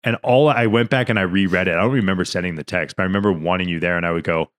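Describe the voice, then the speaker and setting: A man's voice: low-pitched, very fast. A young man on a podcast, earnestly recounting a story in a rambling, emotional way with many restarts, near tears. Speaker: podcast co-host. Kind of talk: casual podcast conversation.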